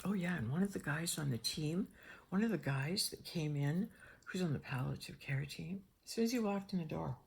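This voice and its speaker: An older woman telling a personal story in a rambling, animated way, acting out the dialogue. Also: low-pitched, normal speed, gravelly, husky. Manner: rambling, animated, acts out dialogue in shifting voices.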